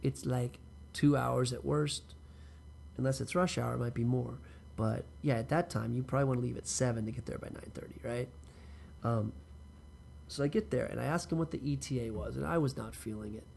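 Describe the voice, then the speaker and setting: A man with a gravelly voice edged with fry, pitched in the ordinary middle range, tells a loose, profane story about himself. He speaks directly to the listener, drifts into asides, and talks fairly quickly in a steady, slightly mellow tone, with a faint hum of ambient noise behind him.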